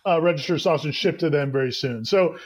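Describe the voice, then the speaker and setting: A man's voice: fairly high pitch, brisk, a little mellow. A man co-hosting a casual sports podcast, explaining things in detail and rambling a little. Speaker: podcast co-host.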